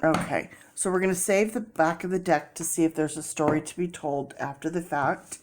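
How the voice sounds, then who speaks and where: Lowish voiced lady doing a tarot reading, rambly and chatty, lots of ums. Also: moderate pace. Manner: chatty, rambling, many fillers and restarts. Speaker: tarot reader.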